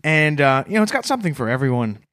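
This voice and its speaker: Man, comedy podcast co-host, deadpan storyteller, lively pitch, dry close sound. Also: fast talker, no echo. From Toronto, Canada. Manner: mock-serious, tells absurd stories straight.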